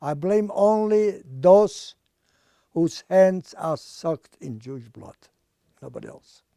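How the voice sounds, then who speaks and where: Older man, halting survivor testimony, slightly high, mellow voice, dry close sound. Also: animated, creaky, dry recording. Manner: halting, repeats words, plain non-native English. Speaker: Holocaust survivor and artist. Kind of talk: personal testimony.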